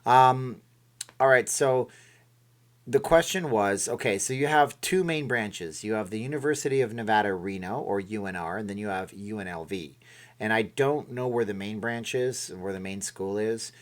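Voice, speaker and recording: A man's voice: fairly low pitch, normal speed. A middle-aged man from Canada hosting a casual live stream, reading and answering chat in a rambling way and often correcting himself.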